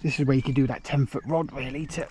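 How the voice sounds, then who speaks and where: A man commenting on his own fishing as he fights a fish, excited and muttering, straining with an aching arm. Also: mid-range voice, fast, a little hiss or hum. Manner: excited, breathless exclamations, muttered asides. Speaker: fishing vlogger. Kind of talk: live commentary while fishing. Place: outdoors by a lake.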